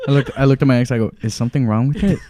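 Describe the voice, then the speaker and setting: A man telling stories in a relaxed, casual podcast chat, swearing freely and laughing easily. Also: mid-range voice, very fast, a crowd in the background. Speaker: guest musician.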